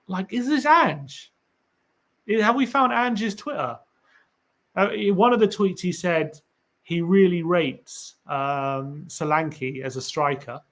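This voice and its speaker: A man's voice: high-pitched, takes it slowly, fairly bright tone. A man hosting a casual live stream for a fan channel, reading tweets aloud, musing and rambling with rhetorical questions to viewers.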